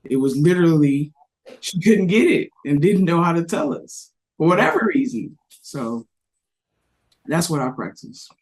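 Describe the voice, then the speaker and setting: Man, slightly high voice, reflective, anecdotal, casual panel talk. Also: big pitch swings, measured pace. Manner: reflective, restarts, tells anecdotes. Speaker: parent on a discussion panel. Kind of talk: casual discussion.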